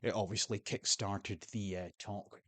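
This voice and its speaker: A man's voice: lowish voice, steady tone, unhurried, fairly bright tone, no room sound. Blunt, sweary man. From Scotland. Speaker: political commentator. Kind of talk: opinionated commentary.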